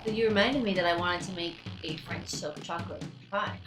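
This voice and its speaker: A woman's voice: on the low side, brisk, far from the mic, noisy background. A woman chatting casually on a live stream, playful and talkative, cracking jokes and puns.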